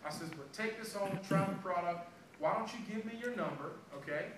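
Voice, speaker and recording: Sales trainer, man, high voice, lively storyteller, recorded at a distance in a very echoey room. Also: fairly quick. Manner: animated storytelling, acting out dialogue. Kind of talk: motivational sales training talk. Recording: echoey room, far from mic, background noise.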